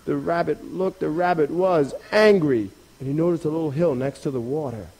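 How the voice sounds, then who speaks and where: A man telling a folk tale in a rhythmic, repetitive, expressive storytelling style. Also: a little high, moderate pace.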